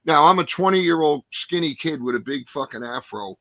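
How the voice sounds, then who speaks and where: Rambling older comedian from New Jersey. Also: male voice, fairly high pitch, lively intonation, normal speed, fairly bright tone, no room sound. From New Jersey, USA. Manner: rambling, full of fillers, acts out quotes. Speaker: guest comedian. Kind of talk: storytelling in a podcast interview.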